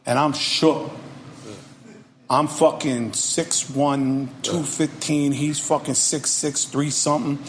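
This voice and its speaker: A man telling stories as a guest rapper in a podcast interview, energetic and profane. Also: a little high, takes it slowly, slight background noise.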